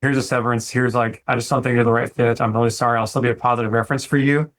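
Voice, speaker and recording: A man who is a dentist talks through running his practice in a relaxed, reflective way during a casual interview, acting out conversations with his staff. His voice is medium-pitched and his delivery is rapid-fire.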